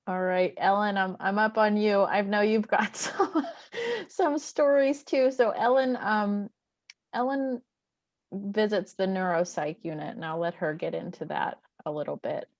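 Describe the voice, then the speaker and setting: A woman's voice: mid-range voice, fairly even intonation, measured pace, no echo. A woman hosting a video call, effusive and laughing easily as she thanks and introduces guests. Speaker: host. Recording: dull, dry video-call audio.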